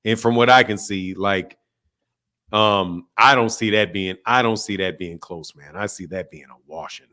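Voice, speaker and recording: A man's voice: lowish voice, normal speed, bright, forceful tone. A man hosting a boxing talk stream from home, emphatic and slangy, repeating his points over and over. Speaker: boxing channel host. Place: home indoors.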